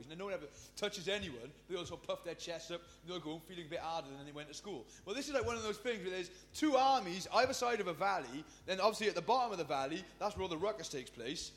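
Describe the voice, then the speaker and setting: Jokey youth preacher, high voice. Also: male voice, quick pace, hardly any pauses, big-room sound. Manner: jokey, slangy, animated storytelling. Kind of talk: comic sermon.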